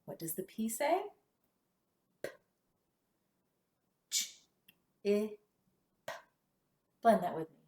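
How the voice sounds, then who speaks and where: Kindergarten teacher lady, super slow and bouncy, sounding out letters, echoey room. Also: mid-range voice. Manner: slow, exaggerated sound-by-sound modeling with lively praise. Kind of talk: phonics lesson for young children.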